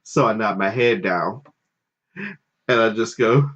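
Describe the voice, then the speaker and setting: A man's voice: lowish voice, takes it slowly. A married man hosting a podcast, telling a story in casual chat with lots of cursing and laughter. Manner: animated, profane, laughing storyteller. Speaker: podcast host. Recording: dull lo-fi sound.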